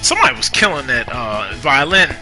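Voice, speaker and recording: A young man giving casual, profane commentary while playing a life-simulation game, scolding the characters out loud. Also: mid-range voice, a little fast, faint music behind. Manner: animated, profane, talks to the game characters, rhymes jokingly. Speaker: gaming YouTuber. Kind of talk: casual Let's Play commentary.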